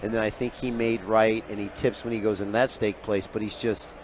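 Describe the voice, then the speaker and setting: A man who is a sports handicapper, telling an animated story as a guest on live sports radio and acting out the people he quotes. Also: lowish voice, brisk, very noisy. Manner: lively raconteur who acts out quoted voices, often trailing off quietly. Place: live broadcast booth at a radio event.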